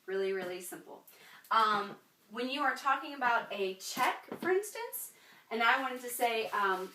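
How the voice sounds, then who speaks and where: Bright teacher in an echoey room. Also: female voice, a little high, animated, moderate pace, distant mic, slight background noise. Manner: chatty, many ums and rights. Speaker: French teacher. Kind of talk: classroom lesson.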